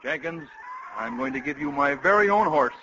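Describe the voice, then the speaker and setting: A sly army colonel who is brisk and bossy and keeps things hushed. His mid-pitched voice is bright and forceful. The vintage radio recording sounds dull and has faint hiss. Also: expressive. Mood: scheming. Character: sly, scheming male army colonel, middle-aged. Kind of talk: vintage radio comedy acting.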